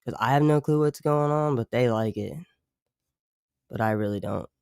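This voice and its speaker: Gravelly and darkish, a mid-range male voice at normal speed carries a loose livestream chat stuffed with "like" fillers, swearing and frequent chuckles. The sound is clean, echo-free and studio quality.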